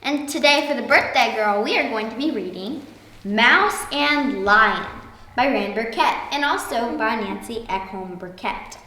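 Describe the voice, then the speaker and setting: A woman hosting a children's story read-aloud with an expressive, animated delivery, recorded from a distance in an echoey room. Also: on the high side, measured pace. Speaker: storybook reader, host.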